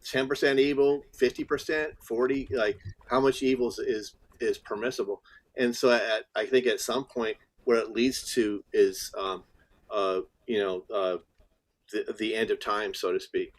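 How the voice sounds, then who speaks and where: A man's voice: lowish voice, steady tone, moderate pace, no echo. Man rambling through an analogy. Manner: rambling, many restarts and analogies. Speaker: panel guest. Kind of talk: casual panel chat.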